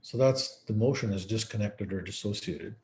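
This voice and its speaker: A man's voice: fairly low pitch, a little fast, darkish tone, a little hiss or hum. A man speaking as a psychiatrist in a conference lecture, telling case stories in a conversational way. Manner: conversational, storytelling, acts out quoted dialogue.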